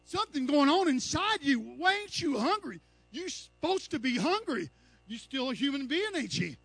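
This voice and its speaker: A male preacher, his voice very high and bright. He preaches with fervor, often swelling into crying shouts. The sound is close and dry, with no room echo. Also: very animated, moderate pace, creaky, faint music behind. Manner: impassioned preaching, rising to cries and shouts. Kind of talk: sermon.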